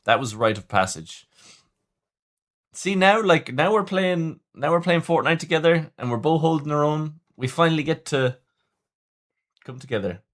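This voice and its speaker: A man's voice: fairly high pitch, animated, normal speed, long pauses. A man hosting a casual livestream, chatting with viewers in a rambling way, often stumbling and restarting. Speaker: livestream host reading chat.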